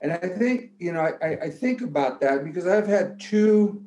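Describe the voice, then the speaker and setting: A man who played college football gives a motivational pep talk that swells toward shouting and then tells a long story. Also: high voice, expressive, normal speed, a little hiss or hum. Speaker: guest giving a pep talk.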